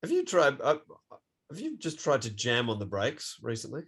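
A man's voice: medium pitch, big pitch swings, moderate pace, fairly bright tone, slightly rough. A man co-hosting a podcast in casual chat, swearing freely and laughing often. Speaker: podcast co-host.

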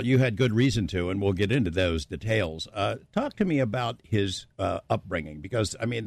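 A man's voice: mid-range voice, gravelly, a little mellow, no room sound. A man hosting a radio interview, asking long, winding questions with fillers. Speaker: radio show host.

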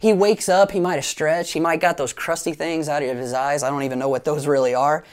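Guy pastor preaching, animated, jokey asides, gets the crowd doing stuff. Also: a little high, a little fast, clean tone. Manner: animated storyteller, playful asides, leads the congregation in actions. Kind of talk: sermon.

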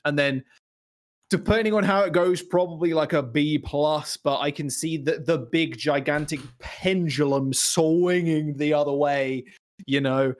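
Slightly high-voiced male panelist, halting and casual. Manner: hesitant, restarts phrases. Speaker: esports panelist. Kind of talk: casual esports analysis chat.

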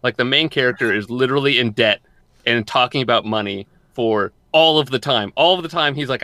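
A man's voice: medium pitch, fairly quick, bright, forceful tone, no echo. A young man co-hosting a podcast, chatting casually and rambling, often repeating and restarting his words. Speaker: podcast co-host.

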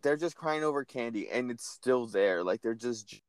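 A young man co-hosting a casual chat, telling rambling, animated stories with frequent cursing. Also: medium pitch, normal speed, clear, resonant tone, no echo.

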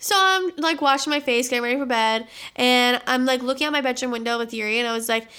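Bright-voiced young woman telling a story. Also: a little high, quick pace, clean tone. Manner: animated, dramatic storytelling full of "like". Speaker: podcast co-host. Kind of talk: casual chat.

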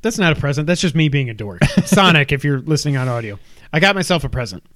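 A man's voice: on the high side, big pitch swings, quick pace, a bit bright, no room sound. Laughing, rambling podcast host, a man. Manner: rambling, laughs often, tells stories with acted quotes. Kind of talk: casual podcast chat. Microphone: headset.

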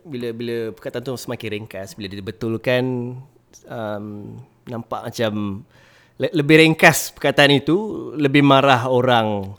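A man's voice: medium pitch, normal speed, a bit bright. A man with a Malaysian accent chatting casually as a co-host and language teacher, often repeating words as he searches for phrasing. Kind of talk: casual podcast chat, switching between English and Malay.

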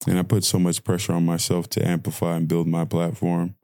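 A man's voice: deep voice, monotone, a little fast, dark tone, no echo, studio quality. A young man hosting a podcast, delivering an impassioned audio-diary rant with lots of repeated phrasing. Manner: impassioned ranting, repetitive phrasing. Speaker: podcast host.

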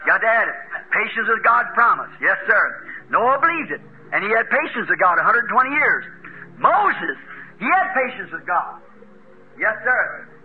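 High-voiced preacher on a tinny old tape. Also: male voice, big pitch swings, normal speed, slight background noise. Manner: folksy, chuckling, acts out characters. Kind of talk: folksy storytelling sermon.

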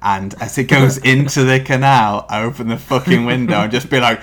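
A man's voice: medium pitch, fairly even intonation, brisk, hardly any pauses, fairly bright tone, a little hiss or hum. A man co-hosting a podcast, bantering dryly and swearing often. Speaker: podcast co-host. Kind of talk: casual podcast chat.

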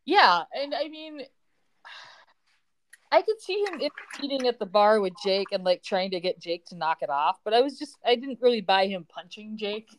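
A woman's voice: mid-range voice, expressive, moderate pace. A young woman co-hosting a podcast, chatting casually and retelling scenes in a sarcastic, quoting way. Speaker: podcast co-host. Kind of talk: casual recap chat.

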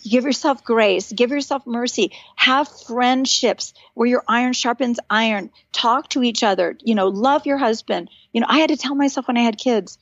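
Animated middle-aged woman, muffled dry recording. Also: fairly high pitch, a little fast, few pauses, dry recording. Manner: animated storytelling, earnest and encouraging. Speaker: podcast guest, author and speaker. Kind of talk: casual chat.

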